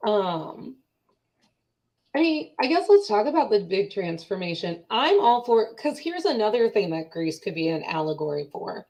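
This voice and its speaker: A woman's voice: mid-range voice, very animated, normal speed, darkish tone, poor audio. A woman co-hosting a podcast in casual chat, chatty and reflective, telling stories as she talks. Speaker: podcast co-host.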